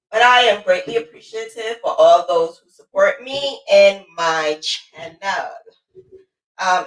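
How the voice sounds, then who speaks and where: A woman hosting a casual crochet livestream, lively and playful, chatting to viewers and greeting them by name. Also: medium pitch. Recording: roomy sound, mic at a distance.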